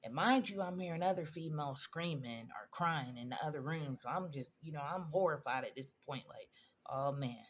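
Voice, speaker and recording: A woman's voice: low-pitched, normal speed, a little hiss or hum. A woman in a personal vlog, telling a painful story in a conversational, emotional way, addressing viewers directly. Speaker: vlogger.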